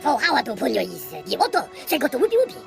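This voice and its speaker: A woman's voice: sits high, very animated, racing, creaky, full character voice. A woman voicing an alien scavenger who chatters in a made-up tongue, in a game cutscene. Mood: chattering. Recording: game cutscene with music behind.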